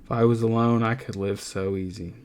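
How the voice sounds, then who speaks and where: A man doing George, a weary flat-voiced ranch hand. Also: lowish voice, fairly quick, smooth, close to an everyday voice. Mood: resigned. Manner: flat, monotonous delivery. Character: weary, tough ranch worker, flat and resigned.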